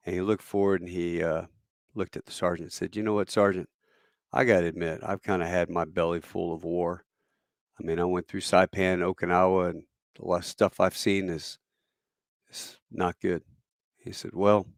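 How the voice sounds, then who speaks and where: A man's voice: sits low, no echo, clean studio sound. A man casually retelling an anecdote, acting out the quoted voices of the people in it. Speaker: storyteller. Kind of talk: spoken anecdote.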